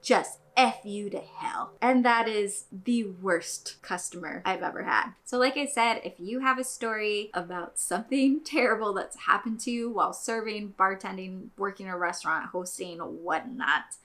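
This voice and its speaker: Bright-voiced woman telling stories profanely. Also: medium pitch, normal speed, hardly any pauses. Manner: blunt and profane, exasperated. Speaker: podcast host. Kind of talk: casual storytelling.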